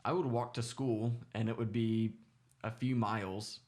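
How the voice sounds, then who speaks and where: A man's voice: on the low side, fairly even intonation, measured pace, a little mellow, slight background noise. A man co-hosting a podcast, speaking thoughtfully and hesitantly in a casual chat about his childhood. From grew up in the suburbs. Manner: thoughtful, hesitant, with many restarts. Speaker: podcast co-host.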